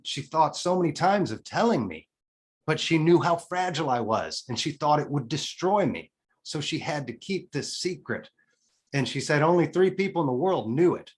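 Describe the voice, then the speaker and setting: A man in his forties, a podcast guest telling a personal story in a candid, emotional way, with casual swearing and restarts. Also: mid-range voice. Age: 40s.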